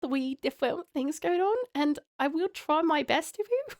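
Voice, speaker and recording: A high-voiced Australian woman chats through a live game stream. She giggles constantly, gets excited easily, and drifts into playful baby talk. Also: normal speed. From Tasmania, Australia.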